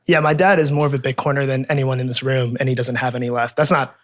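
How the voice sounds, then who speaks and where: A man's voice: mid-range voice, flat delivery, quick pace. A man in his twenties, a guest in an in-person interview, chatty, easygoing and self-deprecating. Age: 20s. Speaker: interview guest, research analyst and columnist. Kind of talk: casual interview chat. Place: in-person recording at a table in a room.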